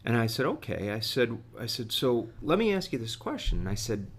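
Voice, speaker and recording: A middle-aged man telling a story as a podcast guest, halting and full of fillers and restarts. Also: medium pitch, very animated, husky. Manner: halting, many fillers and repeated words. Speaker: guest executive.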